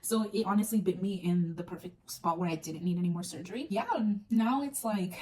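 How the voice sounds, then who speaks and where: A woman's voice: on the low side, a little fast, a little mellow. A young woman casually telling a personal story on her vlog, chatty and full of fillers, acting out moments as she goes. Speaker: vlogger. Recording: distant mic with faint noise.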